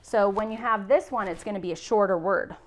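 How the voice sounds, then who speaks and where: A woman teacher giving a recorded class lesson, slowly sounding out spelling rules in a patient, encouraging way. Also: medium pitch. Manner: slow, patient, sounding out words.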